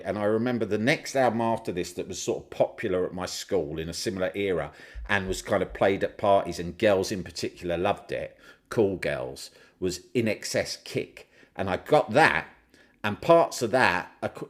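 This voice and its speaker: A middle-aged man chats as a podcast guest, his voice low but swinging widely as he tells stories. He swears often and acts out other people's lines with bursts of volume. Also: moderate pace. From Britain. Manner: animated storyteller, swears freely, mimics his brother loudly. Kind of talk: casual chat.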